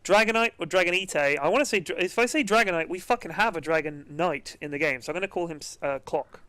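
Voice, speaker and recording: A man casting a video game match in a relaxed, chatty way, joking and swearing freely. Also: on the high side, fast talker, no room sound. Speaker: esports caster. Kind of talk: casual game commentary.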